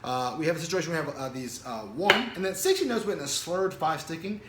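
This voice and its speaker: A man teaching snare drum parts, explaining rhythms casually and counting beats and stickings out loud. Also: fairly high pitch, expressive, fast talker, heavy background noise. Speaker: drum instructor. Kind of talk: casual instructional talk. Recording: echoey room with loud drumming.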